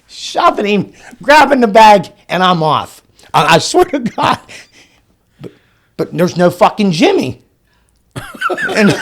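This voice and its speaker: A man on a podcast as the guest, telling a story in an excitable way. He swears often, laughs mid-sentence and acts out the dialogue. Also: high voice, vocal fry. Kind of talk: animated storytelling.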